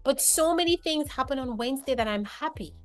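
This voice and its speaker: A woman co-hosting a casual reality TV chat, talking in an animated, emphatic way and jumping from thought to thought. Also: high-pitched, brisk.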